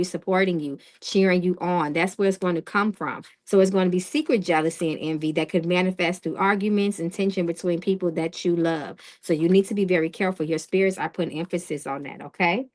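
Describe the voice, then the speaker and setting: A woman hosting a live-stream tarot reading who talks in a direct, casual way. She often checks in with "okay?" and greets viewers in the chat. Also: lowish voice.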